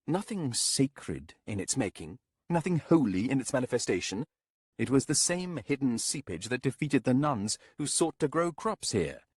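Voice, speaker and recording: A man's voice: medium pitch, big pitch swings, moderate pace, darkish tone, husky, no room sound, studio quality, pitched above the performer's own voice. A man voicing a stern, skeptical man in an audiobook, blunt and lecturing in tone. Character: stern, scornful rationalist man. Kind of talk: audiobook character voice.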